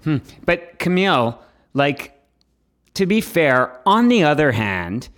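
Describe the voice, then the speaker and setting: A man's voice: on the high side, sing-song, slow, fairly bright tone. A man co-hosting a podcast in casual chat, playful and teasing, often laughing. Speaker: podcast co-host.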